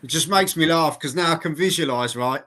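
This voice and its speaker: A man's voice: a little high, fairly quick, bright, forceful tone. A man hosting a casual interview, friendly and encouraging, often calling his guest mate. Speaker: interviewer, host.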